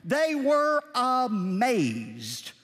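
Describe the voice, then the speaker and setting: A man preaching a sermon as pastor, emphatic, moving between slow measured points and shouted declarations. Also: very high-pitched, huge pitch swings, big-room sound.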